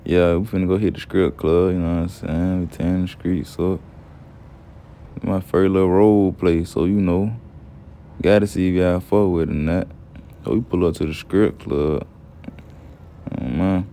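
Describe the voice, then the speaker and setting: A man's voice: sits low, steady tone, normal speed, pauses often, warm tone, slight background noise. A young man casually narrating a game story in heavy slang, laid-back and profane, often asking "you feel me". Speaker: gameplay storyteller.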